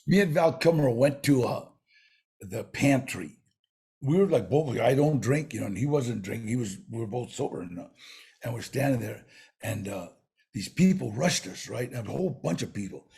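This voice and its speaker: A man, a guest on an interview show, telling stories in a rambling, animated way with streetwise slang. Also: mid-range voice, moderate pace, vocal fry, breathy edge. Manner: rambling, animated storyteller with many restarts. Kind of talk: casual storytelling in an interview.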